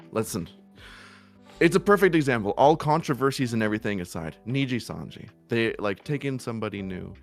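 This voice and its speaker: Blunt, emphatic male streamer. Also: on the low side. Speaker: VTuber streamer. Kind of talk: casual stream chat giving advice.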